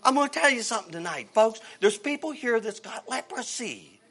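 A man preaching a fervent sermon, swinging from shouts to hushed tones, with folksy phrasing and rhetorical questions. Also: very high voice, animated, brisk, husky. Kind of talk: evangelical sermon.

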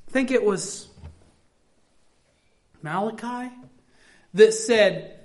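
A woman's voice: on the high side, lively intonation, slow pace, long pauses. A middle-aged woman preacher delivering a sermon, reading scripture aloud and then explaining it in plain, earnest talk.

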